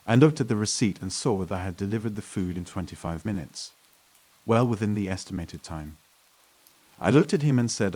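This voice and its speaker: Deep-voiced male horror narrator. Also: lively intonation, normal speed, darkish tone, husky. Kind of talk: scripted first-person horror narration.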